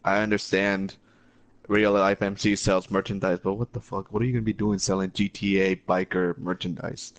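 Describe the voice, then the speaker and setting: A man with a low voice talks in a completely flat monotone. He sounds dismissive in a casual podcast chat. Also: moderate pace.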